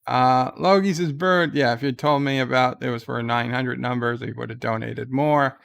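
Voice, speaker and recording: A man's voice: medium pitch, steady tone, moderate pace, gravelly, fairly bright tone. A weary man hosting a casual livestream at home, reading viewer comments aloud with wry asides. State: exhausted. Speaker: livestream host. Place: at home in bed.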